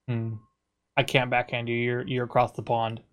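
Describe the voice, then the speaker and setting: A man's voice: medium pitch, monotone, normal speed, a bit bright. A young man with an American accent, chatting casually over online voice chat, teasing and swearing freely.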